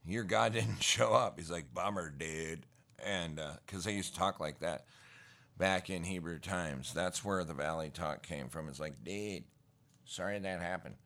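A man's voice: deep voice, moderate pace, vocal fry, fairly bright tone. A middle-aged man preaching a casual sermon, telling scripture stories in folksy slang and building to emphatic bursts.

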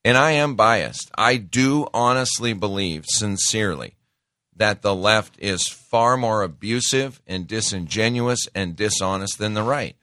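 Plainspoken middle-aged male talk host, preachy and opinionated; low voice, dry booth sound. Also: unhurried, pushed and bright, no room sound. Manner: folksy, plainspoken, calls listeners folks; preachy, quotes scripture. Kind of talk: opinionated political commentary.

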